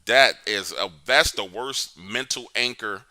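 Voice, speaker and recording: A man's voice: lowish voice, measured pace, no echo. A male call-in show host, telling stories in a loose, profane, laughing way. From New Orleans. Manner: animated, profane, laughing storyteller. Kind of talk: casual storytelling chat.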